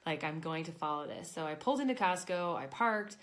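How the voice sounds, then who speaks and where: A woman in her thirties, an intuition coach, telling a personal story in a chatty, animated way and acting out her own thoughts. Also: low voice, fairly quick. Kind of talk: casual storytelling to camera.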